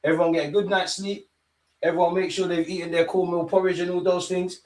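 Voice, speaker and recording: Excitable young man streaming football. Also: high-pitched, fairly quick. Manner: excitable banter with chat, London slang, swears, laughs often. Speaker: football watch-along streamer. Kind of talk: live match watch-along chat.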